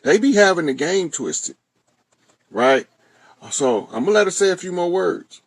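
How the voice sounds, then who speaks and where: A man with a Southern US accent talks casually and bluntly, full of slang and cursing. His voice sits a little high for a man and sounds dry and close. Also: very animated, normal speed, vocal fry, no echo. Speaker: host. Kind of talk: commentary on a played clip.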